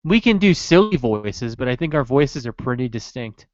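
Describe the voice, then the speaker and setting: A playful podcast co-host trading quick jokes in casual chat, at a medium pitch. The sound is dull and slightly muffled, and dry with no echo. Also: very animated. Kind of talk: casual live-stream chat.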